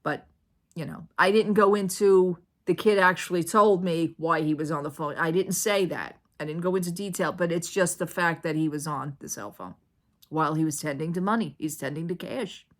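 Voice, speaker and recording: A woman's voice: fairly low pitch, normal speed. A woman telling a story in a casual home vlog, indignant and retelling it with lots of "I says". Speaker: vlogger. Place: at home, living room.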